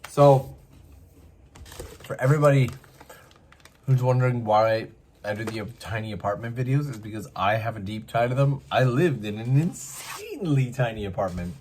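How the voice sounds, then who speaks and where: A man from Canada telling a story casually, lively and full of asides, as host. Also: medium pitch, moderate pace, slight background noise. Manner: animated, acts out voices, many asides.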